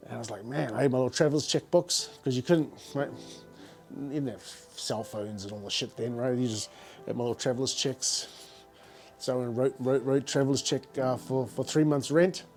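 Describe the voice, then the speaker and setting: A man's voice: medium pitch, steady tone, fairly quick, creaky, darkish tone, soft background music. A middle-aged man with a New Zealand accent, a business founder telling stories in a casual, slangy interview, repeating words as he goes.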